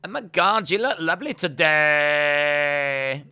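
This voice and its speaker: A man's voice: on the high side, animated, slow, pushed and bright, clean tone, full character voice. A man doing a mocking impression of a ditzy young woman who drags out the ends of her sentences. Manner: exaggerated, stretches out sentence endings.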